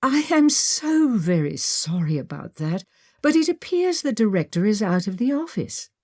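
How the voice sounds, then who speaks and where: A woman narrator voicing a polite young female museum docent with a crisp British accent. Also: mid-range voice, big pitch swings, moderate pace, mellow, no room sound, studio quality, pitched above the performer's own voice.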